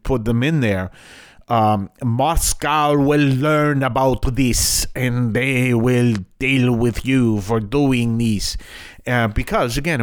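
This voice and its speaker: An older man hosting a Catholic program, reflecting earnestly on scripture in an explanatory way with frequent asides. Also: mid-range voice. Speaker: radio program host.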